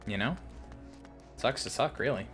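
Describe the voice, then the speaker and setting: A woman's voice: very deep voice, measured pace, a bit bright, soft background music. A woman chatting casually with viewers while she plays a game, teasing them by name. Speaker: streamer. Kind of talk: casual game-stream chat.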